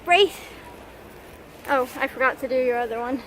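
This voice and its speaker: A young woman with a high voice talks casually to the camera, sometimes quiet and soft. She switches to short, bright praise and commands for her dog, with a faint hiss of noise underneath. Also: moderate pace. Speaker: vlogger and service dog handler. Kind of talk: casual vlog chat.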